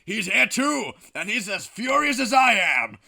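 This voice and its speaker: Man doing a booming angry God, high strained shouting, bright and forceful. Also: very animated, a little slow, vocal fry, exaggerated voice. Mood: wrathful. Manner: thundering, indignant proclamations. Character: wrathful booming male God in the sky.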